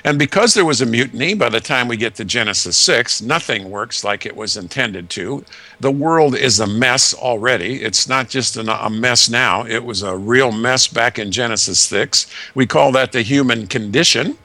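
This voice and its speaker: A man explains Scripture in an earnest, measured way, stacking lists and rhetorical questions. His voice is bright and forward. The sound is dry and close, with no room around it. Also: medium pitch, no room sound. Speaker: Bible teacher guest. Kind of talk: conversational Bible teaching.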